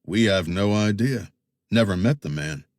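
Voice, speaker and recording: A man's voice: lowish voice, animated, measured pace, darkish tone, dry recording. A man voicing a guarded, dry-witted Tennessee man. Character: wary young male investigator from Tennessee.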